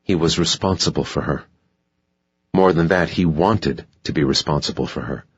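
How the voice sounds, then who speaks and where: A man narrating an audiobook in a slow, measured delivery. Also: extremely low pitch, slightly rough, no room sound. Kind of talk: scripted narration. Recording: dull dry audiobook recording.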